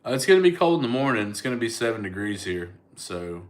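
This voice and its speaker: A man's voice: lowish voice, very animated, quick pace. A middle-aged man, a comedian chatting casually on a livestream and answering viewers' comments. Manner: laid-back, chatty, thanks viewers by name.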